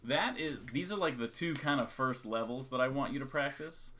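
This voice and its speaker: A man giving a relaxed, chatty game lesson on a live stream, counting out long and short beats as he demonstrates. His voice sits at an ordinary middle pitch. Steady keyboard clicks and typing sound clearly behind him. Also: moderate pace, noisy background. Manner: casual, repetitive counting out rhythms. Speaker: coach.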